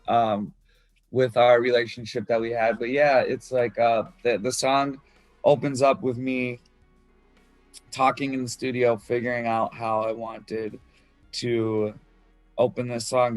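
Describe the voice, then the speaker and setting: A musician chats casually about writing his album, loose and candid, swearing freely and using lots of fillers. His voice is medium-pitched, and there's no room sound.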